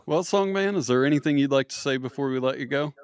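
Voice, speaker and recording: A man's voice: mid-range voice, fast talker, clean tone. A man hosting a casual talk show, asking guests questions. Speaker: host. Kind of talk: casual chat.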